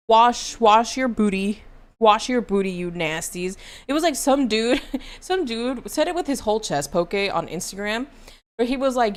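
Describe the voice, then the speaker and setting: A woman's voice: on the high side, expressive, moderate pace. Slangy laughing woman streamer. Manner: slangy and laughing, calls chat "dude" and "brother". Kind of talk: casual chat while streaming a game.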